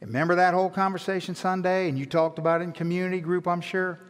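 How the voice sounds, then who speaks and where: A man preaching a sermon, telling stories about himself with self-mocking humor and animated delivery. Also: high-pitched, fast, in a large hall. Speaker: pastor.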